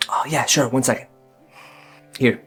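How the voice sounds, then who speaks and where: A man voicing a clueless young man in a comedy sketch, who is flatly sure of his odd habits. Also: medium pitch, unhurried, husky, soft background music, full character voice. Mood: oblivious. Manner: oblivious, matter-of-fact.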